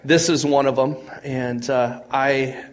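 Male pastor, mid-pitch, conversational sermon, earnest storytelling, halting restarts, rises and drops in volume. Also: level tone, slight background noise. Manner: earnest storytelling with frequent restarts and swings in loudness.

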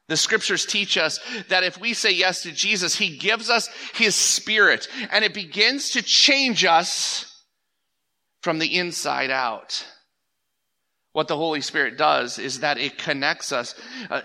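A middle-aged man delivers a sermon in a church, his voice strikingly bright and slightly high. He talks in an earnest, conversational way, circling back with restarts before building to emphatic peaks. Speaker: pastor. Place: church sanctuary.

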